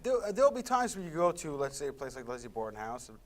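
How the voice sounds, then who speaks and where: A man with a somewhat high pitch, a paranormal investigator guest in a public-access TV studio. He speculates in a loose, easygoing way, chatting casually. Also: very animated, quick pace. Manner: easygoing, speculative, with filler restarts.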